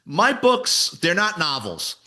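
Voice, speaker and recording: A man, a retired detective and author, telling stories in a casual interview, animated and salty. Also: high-pitched, slow. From New York City. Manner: animated storyteller, voices quoted people, swears casually.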